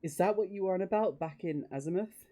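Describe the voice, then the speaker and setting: A man's voice: high voice, quick pace, dark tone, pitched above the performer's own voice, close to an everyday voice. A man voicing an easygoing male adventurer and old comrade, reading it casually with small stumbles.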